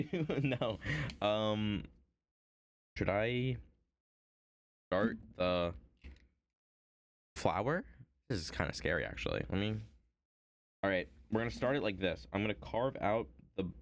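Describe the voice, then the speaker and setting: A man's voice: on the low side, slow, long pauses. A young man streaming his art, rambling casually through a story with many fillers and self-deprecating asides.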